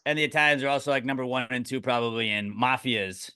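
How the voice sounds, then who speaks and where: A man's voice: mid-range voice, fast, bright, forceful tone, clear, resonant tone. A young man co-hosting a podcast, telling loose, profane stories in casual chat and slipping into mock-tough voices. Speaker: podcast co-host.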